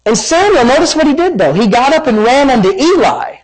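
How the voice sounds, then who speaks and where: A man preaching a sermon as pastor, reading scripture with lively emphasis and wandering into personal asides. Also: very high-pitched, fairly quick, slightly rough, poor audio. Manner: animated, dramatic scripture reading with rising emphasis; rambling asides and self-corrections.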